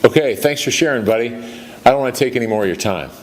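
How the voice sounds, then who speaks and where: A man giving an upbeat, salesy pitch as a company founder, chuckling now and then. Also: animated, fast talker.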